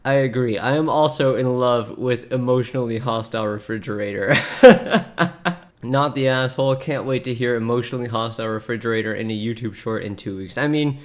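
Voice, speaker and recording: A man's voice: medium pitch, brisk. Chatty man laughing through reactions. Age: 30s. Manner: chatty, laughs often, reads posts aloud with asides. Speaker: streamer reacting to online posts. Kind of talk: casual reaction commentary.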